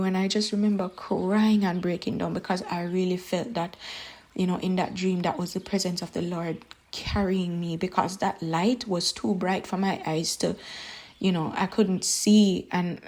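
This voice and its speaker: A young woman telling her personal faith testimony in an earnest, halting way, with many pauses and fillers. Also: on the low side, little pitch movement, darkish tone. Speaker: testimony speaker.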